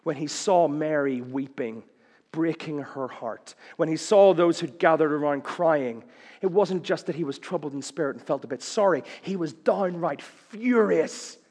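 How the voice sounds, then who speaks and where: Male preacher with a slightly high voice, chatty and wry, recorded with long hall reverb. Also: normal speed, a little mellow. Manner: conversational, with wry jokes and questions. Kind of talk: sermon.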